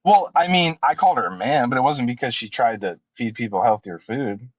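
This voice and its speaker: A man's voice: medium pitch, lively intonation, a little fast, dry recording, dull audio. A man in a live debate, dismissive and teasing, laughing off his opponent. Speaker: debate guest.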